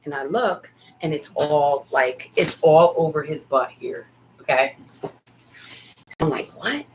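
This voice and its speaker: A woman's voice: sits low, takes it slowly, a little hiss or hum, rough recording. Candid woman telling a family story. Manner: animated, candid storytelling with frequent asides. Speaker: podcast co-host, mother. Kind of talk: casual storytelling chat.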